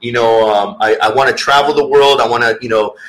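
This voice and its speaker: A man's voice: mid-range voice, fairly even intonation, brisk, fairly bright tone, slight background noise, low-quality recording. A man talking as a guest author in a casual interview, earnest and rambling, with many restarts.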